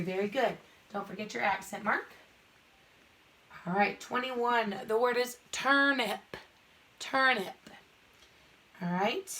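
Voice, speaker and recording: Woman, young adult, phonics teacher, patient, step by step, bright tone. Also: on the high side. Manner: patient, walks through each word step by step. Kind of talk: online phonics lesson.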